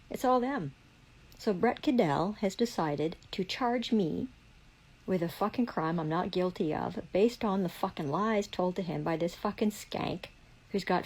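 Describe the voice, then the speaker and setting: A woman's voice: fairly low pitch, normal speed, darkish tone, low-quality recording. A woman on a live stream, ranting in a heavily profane, indignant and rambling way. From Canada. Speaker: livestreamer. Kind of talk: angry live-stream rant.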